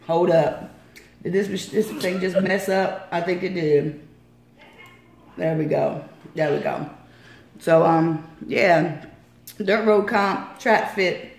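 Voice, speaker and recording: A woman hosting a radio interview, her voice hoarse from a coming cold, chatty with lots of ums and laughter. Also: fairly low pitch, a little hiss or hum. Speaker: radio show host. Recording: roomy studio echo.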